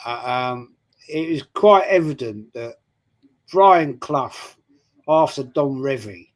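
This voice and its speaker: Halting man chatting about football. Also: medium pitch, animated. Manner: halting, stumbling restarts. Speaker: show co-host. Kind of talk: casual chat.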